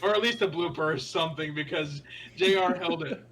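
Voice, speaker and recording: A man's voice: fairly high pitch, brisk, a crowd in the background. A man co-hosting a casual sports podcast, playful and teasing, often laughing. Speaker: podcast co-host.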